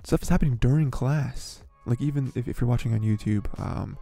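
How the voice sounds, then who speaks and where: A man's voice: mid-range voice, brisk, creaky, dark tone, soft background music. A young man hosting a podcast, talking in a rambling, filler-heavy, exasperated way. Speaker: podcast host. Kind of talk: casual commentary.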